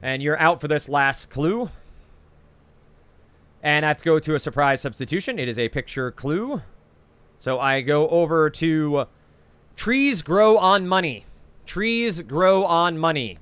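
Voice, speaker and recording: A man with a New Jersey accent hosting a trivia quiz over a video call, reading each clue twice and scoring answers in a brisk, chatty way with frequent "uh"s. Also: fairly high pitch, expressive, fairly bright tone, smooth, dry recording.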